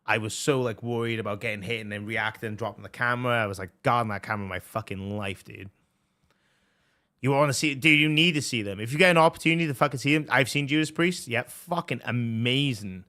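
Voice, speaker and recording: A young man chatting casually as a streamer, excitable and swearing a lot, with plenty of fillers. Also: medium pitch, quick pace. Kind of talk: casual chat.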